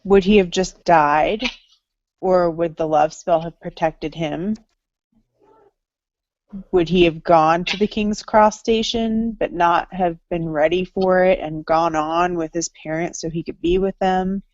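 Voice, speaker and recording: A woman's voice: lowish voice, fairly even intonation, unhurried, a little mellow, no echo, highs cut off. A woman co-hosting a casual book-club podcast, posing questions and quoting passages. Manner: poses questions, reads passages. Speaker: podcast co-host.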